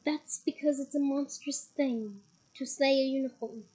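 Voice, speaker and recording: Woman doing a noble young male centaur from a storybook, grave and earnest, high and mellow. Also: steady tone, unhurried, low-quality recording.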